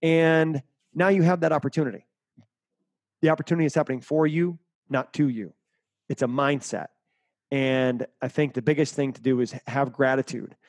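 A man's voice: fairly high pitch, a little mellow, no echo. A middle-aged man giving interview answers as a mental performance coach, speaking emphatically and repeating key phrases.

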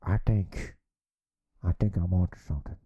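A secretive male reporter put on by a man whispers low and close, in a whispered role-play. His voice drops well below the man's own and stays hushed and conspiratorial, as if creeping around somewhere he should not be. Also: fairly even intonation, normal speed, slightly rough, highs cut off.

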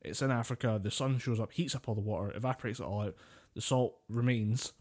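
A man's voice: mid-range voice, quick pace, darkish tone. A man co-hosting a casual podcast, telling a story with a lot of swearing and laughter. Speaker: podcast co-host. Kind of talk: casual chat.

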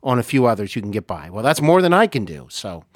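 A man's voice: fairly low pitch, very animated, quick pace, dry recording, studio quality. Complimentary male podcast host. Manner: warm, complimentary, uses many uhs. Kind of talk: casual interview chat.

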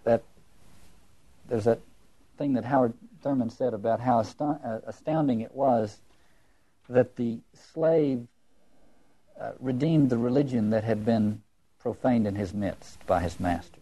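Mellow, husky man lecturing emphatically. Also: medium pitch, unhurried, pauses often. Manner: emphatic, musing, repeats words and poses rhetorical questions. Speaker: lecturer on literature and religion.

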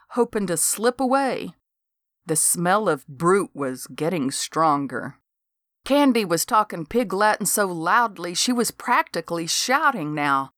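A woman's voice: mid-range voice, fairly bright tone, no echo, clean studio sound. A woman narrating a folksy first-person story in a wry storytelling manner, scripted audiobook reading.

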